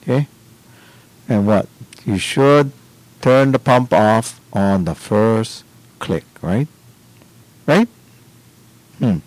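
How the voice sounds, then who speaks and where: A man hosting a radio show and explaining things to listeners in a deliberate way. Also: lowish voice, expressive, darkish tone, dry recording, poor audio. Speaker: radio host. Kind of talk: radio advice talk.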